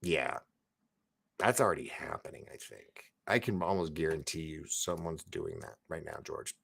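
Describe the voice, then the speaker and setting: With a bass voice that's sing-song, creaky, a little bright and slightly rough, a man hosts a live online show at normal speed. He chats loosely, reads viewer comments, and rambles with constant restarts, self-interruptions and laughs.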